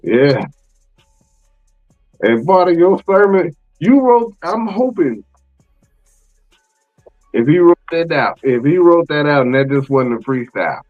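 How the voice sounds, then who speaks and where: A male podcast host with a fairly high-pitched voice, talking in loose, slangy casual chat. He is animated, bursting into exclamations and laughing often. Faint music plays softly behind him. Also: unhurried, long pauses, phone-quality sound.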